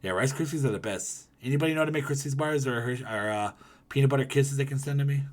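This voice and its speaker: A man streaming live, chatting casually with his viewers and reading their comments, rambling and swearing, with loud ranting bursts. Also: mid-range voice, fast. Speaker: livestreamer.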